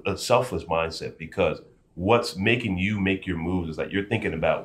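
A man hosting a podcast who reflects back on his guest's story, getting animated and excited as he goes. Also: sits low, normal speed. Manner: animated, gets loud and excited when reflecting. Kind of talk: casual chat.

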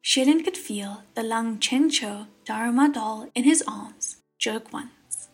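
A woman narrating an audiobook chapter in a steady, expressive storytelling voice. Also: a little high, breathy edge. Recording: narration over faint background music.

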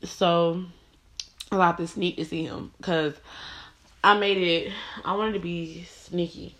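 A woman's voice: on the low side, fairly even intonation, slow pace, fairly bright tone. A woman telling a personal story to the camera in a casual storytime monologue, blunt and profane, with many "like" and "you know" fillers.

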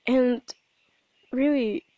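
A young woman recording a reflective voice diary at home on her phone, speaking softly and hesitantly with frequent restarts. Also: high-pitched, fairly even intonation, dry recording, dull audio. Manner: soft-spoken, hesitant, halting with restarts. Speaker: personal audio diarist. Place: at home at night.

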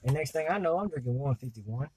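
A man's voice: mid-range voice, expressive, fast, a little mellow, slightly rough. A man telling a crude story in a rambling, profane, laid-back way while stoned. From US South. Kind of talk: crude storytelling in casual chat.

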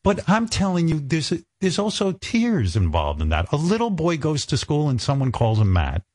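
Husky older guy hosting, pokes at his guest, dead dry sound. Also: on the high side, huge pitch swings, normal speed, a little mellow, no room sound. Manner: needling, mock-earnest questioning. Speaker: radio host. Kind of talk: interview.

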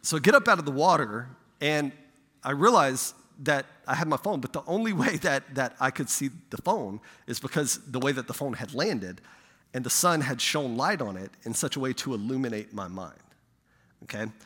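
A man preaching as a pastor, telling a lively personal story in a sermon, growing loud and excited. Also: mid-range voice, breathy edge, long reverb tail. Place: church sanctuary.

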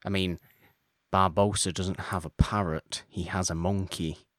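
Deep-voiced man hosting a podcast. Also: fairly even intonation, unhurried, no room sound, studio quality. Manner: rambling, self-correcting, chuckles often. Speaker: podcast host. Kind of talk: casual podcast chat.

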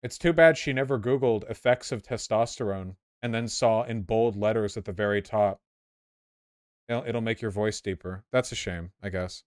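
Sarcastic guy streamer reacting to clips, lowish voice, super dry sound. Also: smooth, no echo. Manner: sarcastic, quick reactive asides. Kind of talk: casual commentary.

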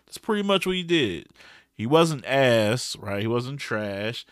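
A man's voice: mid-range voice, a little slow, clean tone, dry recording. Man, podcast host, casual recap, slangy, blunt, dry sound. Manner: animated, slangy and blunt, with frequent restarts.

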